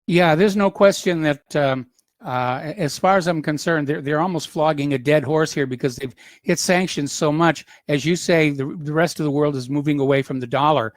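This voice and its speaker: A man hosting a call-in talk radio show, speaking in a measured, casual way with some hesitant fillers. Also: on the high side, no echo, studio quality.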